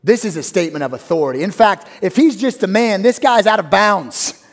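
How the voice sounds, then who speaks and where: Guy preaching an easter sermon, highish voice, gets loud then drops way down quiet. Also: expressive, fairly quick. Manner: dramatic swings from loud high peaks to hushed low phrases. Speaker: pastor. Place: church.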